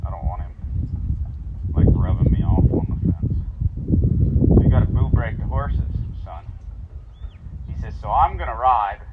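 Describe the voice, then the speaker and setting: A man's voice: sits low, a little slow, long pauses. A man teaching horse training outdoors on horseback, talking in an easygoing, folksy way and telling stories as he works. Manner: folksy, easygoing, tells joke stories while working. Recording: tinny lo-fi outdoor recording, loud noise.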